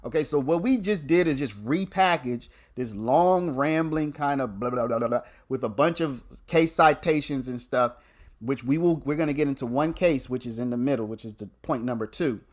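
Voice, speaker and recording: A man's voice: mid-range voice, normal speed. A man, hosting a casual livestream where he explains a legal argument to viewers, repeating points and restarting sentences.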